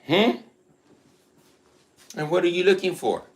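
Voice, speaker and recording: A dog breeder talks straight at the camera in a blunt, swearing, boastful rant. His voice sits a little high for a man, and he mocks his rivals as he goes. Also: animated, a little slow.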